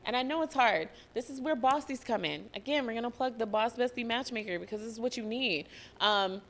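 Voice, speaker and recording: Energetic woman podcaster. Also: on the high side, brisk, slight background noise. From US (Georgia). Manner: energetic, profane, acts out quoted voices. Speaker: podcast host. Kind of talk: motivational solo podcast talk.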